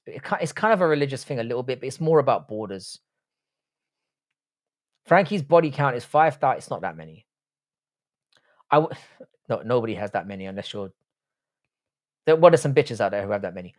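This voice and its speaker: A man's voice: mid-range voice, a little mellow. A young Irish man hosting a casual livestream, reading chat aloud and answering with blunt, profane banter. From Republic of Ireland.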